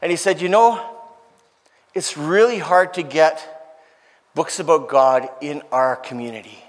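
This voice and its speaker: Male preacher, emotional storyteller, voice a little high, long church reverb. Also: measured pace. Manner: earnest, emotional, quotes others in lively voices. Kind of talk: sermon storytelling.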